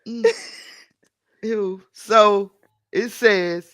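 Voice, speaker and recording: A man co-hosting a casual podcast, chatting and reading an article aloud with animated exclamations. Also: high voice, extremely slow, dry recording. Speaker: podcast co-host.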